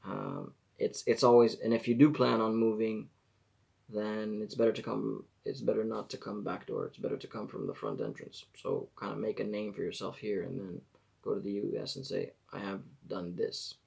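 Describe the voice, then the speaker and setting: Gravelly man rambling on a live stream. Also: on the low side, flat delivery, normal speed, darkish tone. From Israel. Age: 40s. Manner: rambling, self-correcting, chatty advice.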